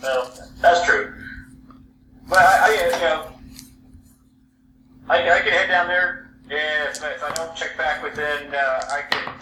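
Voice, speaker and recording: A man's voice: fairly high pitch, fairly even intonation, takes it slowly, long pauses, bright, forceful tone. A man playing a tabletop role-playing game, talking in character with earnest stammering. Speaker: player. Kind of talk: tabletop role-play chat. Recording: distant mic in echoey room with noise.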